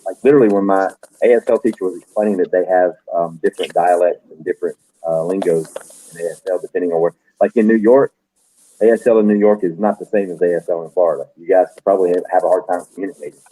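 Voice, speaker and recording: Southern man with a low, dark voice. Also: steady tone, fast talker, slightly rough, rough recording. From Deep South of the US. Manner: rambling storyteller, many "like" and restarts. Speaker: homesteading show host. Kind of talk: casual chat while canning.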